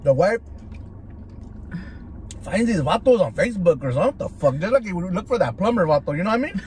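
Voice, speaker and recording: Animated man, cursing while eating. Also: high-pitched, fairly quick, a little hiss or hum. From Southern California. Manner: profane, slangy storytelling with Spanish words. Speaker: food vlogger. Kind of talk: casual chat while eating.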